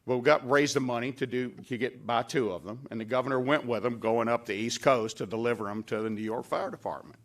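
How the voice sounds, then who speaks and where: A man's voice: mid-range voice, fast talker, hardly any pauses. An older man giving a tribute speech at a dedication event, telling folksy anecdotes and acting out the lines he quotes. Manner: folksy storyteller, acts out quoted lines with a raised voice. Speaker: former staff member giving a tribute speech. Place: event hall at a podium.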